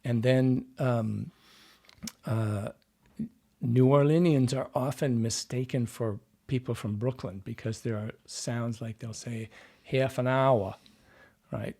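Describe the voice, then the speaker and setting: A man's voice: mid-range voice, fairly even intonation, slow pace, gravelly, dark tone. A man who works as a dialect coach, telling stories in a rambling, casual interview with many fillers and restarts.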